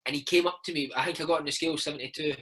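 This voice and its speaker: A Scottish man in his thirties, a former footballer, telling animated stories in a casual interview and slipping into impressions. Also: on the high side, very fast, breathy edge, low-quality recording. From Scotland. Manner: animated storyteller, slips into impressions of his old coach.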